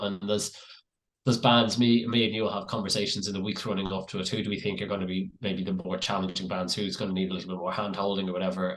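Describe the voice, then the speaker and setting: A man co-hosting a casual podcast chat about running a festival, talking quickly with frequent restarts. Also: sits low, a bit bright. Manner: rapid, with repeated restarts. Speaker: festival promoter and podcast co-host.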